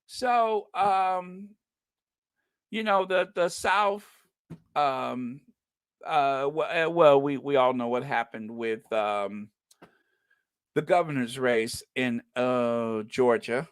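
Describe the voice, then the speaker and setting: A man's voice: mid-range voice, slow, clear, resonant tone, no echo. A man hosting a casual commentary vlog, joking and hesitant with many ums and restarts. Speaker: channel host.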